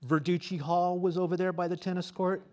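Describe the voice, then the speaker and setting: Man, fifties, slightly raised pitch; emotional award winner, stumbling and fighting back tears. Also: level tone, darkish tone. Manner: halting, full of fillers, earnest. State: on the verge of tears. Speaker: award winner and graduate student. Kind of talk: emotional acceptance speech. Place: on stage at a campus award show.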